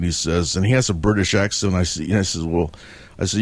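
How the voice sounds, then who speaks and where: Man with a very low voice, casual and halting, retelling a dream and chuckling now and then. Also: dry recording. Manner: rambling, halting, many fillers and restarts; chuckles between sentences. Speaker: dream teller. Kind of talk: casual spoken recollection.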